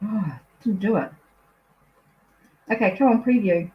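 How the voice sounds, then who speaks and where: A woman's voice: medium pitch, expressive, measured pace. Chatty New Zealand woman, dull lo-fi sound. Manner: chatty, easily distracted, apologetic, thinks aloud. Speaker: tarot reader hosting a live stream. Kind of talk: casual live-stream chat. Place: at home.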